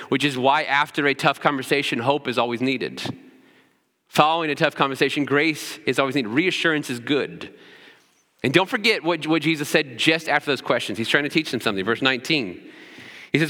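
A man's voice: medium pitch, fairly quick, sharp tone, long reverb tail. A man preaching a sermon as pastor, often checking in with "right?" as he teaches. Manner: preaching with frequent "right?" asides.

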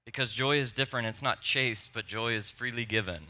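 A young man preaching a sermon, telling personal stories in a conversational, animated way. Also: mid-range voice, fairly quick. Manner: storytelling, animated and conversational, with laughs. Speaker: pastor.

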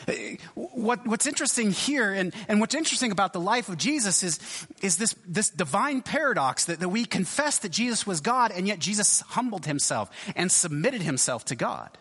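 Man preacher, lively sermon delivery, slightly husky voice, long church-hall reverb. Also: high-pitched, normal speed. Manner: conversational, thinking aloud with frequent restarts. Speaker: pastor.

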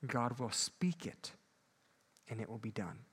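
A man preaching a sermon, moving between loud emphatic peaks and quiet low asides. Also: very animated, measured pace, breathy edge. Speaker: pastor.

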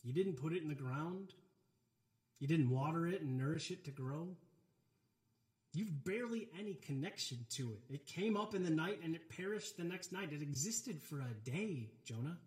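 A man voicing God as a patient teacher, speaking calmly and reasoning with questions to a sulking prophet. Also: fairly high pitch, normal speed, lightly acted. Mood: patient, earnest. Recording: roomy, echoey hall.

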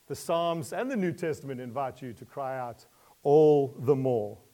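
In a measured, mid-range voice, a man gives a sermon full of questions for his audience. Light laughter punctuates his points, and he moves between quiet side comments and loud, emotional pleas.

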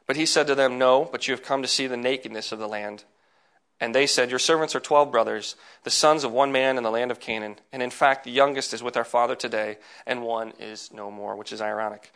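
A man reading scripture aloud in a measured, plain way, now and then adding a brief aside. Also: mid-range voice, steady tone, fairly bright tone, clean tone. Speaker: scripture reader.

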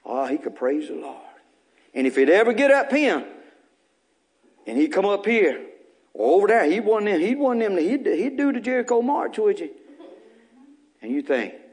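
A man's voice: high-pitched, big pitch swings, normal speed, long pauses, darkish tone. A male pastor, preaching a folksy, fervent sermon full of repetition in a church. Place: church sanctuary.

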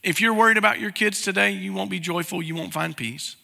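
A pastor preaches a sermon, talking conversationally to the congregation and asking plain questions. His high, creaky voice has a sharp tone and moves fairly quickly, with a big-room sound.

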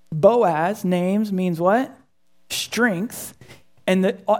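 A woman's voice: on the low side, dark tone. A woman teaching a Bible study in an earnest, emphatic way, repeating her key words.

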